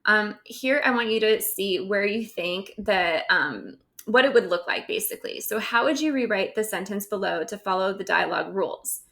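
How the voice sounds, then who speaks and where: A woman's voice: medium pitch, expressive, normal speed, creaky, a bit bright. A woman teacher recording a grammar lesson over slides, explaining step by step and often checking in with "right?".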